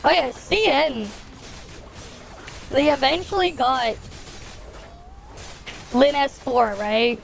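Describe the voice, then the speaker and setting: A woman's voice: high-pitched, lively intonation, takes it slowly, vocal fry, pauses often, slight background noise. A woman streaming a game, chatting casually with viewers in a laid-back way, swearing and laughing often. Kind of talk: casual live-stream chat while gaming. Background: game music.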